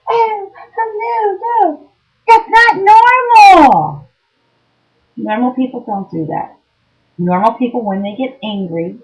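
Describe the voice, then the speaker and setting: A middle-aged woman telling a personal story about an abusive ex-partner, talking earnestly with frequent ums and restarts. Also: fairly low pitch. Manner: earnest and emotionally raw. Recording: dull lo-fi home recording.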